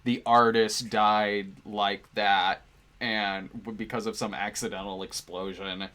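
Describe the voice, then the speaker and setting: Male co-host, casual film chat, halting and rambling, laughs a lot. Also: lowish voice, little pitch movement, bright, forceful tone. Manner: rambling, halting with fillers and restarts, laughs often. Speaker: movie review co-host. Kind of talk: casual conversational film review.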